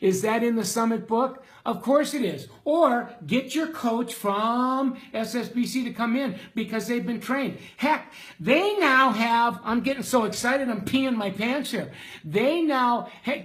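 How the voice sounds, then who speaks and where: Reading viewer comments aloud, a middle-aged man coaches salon owners on a live stream with an extremely high-pitched voice. He is casual, slangy, and excitable, with loud bursts.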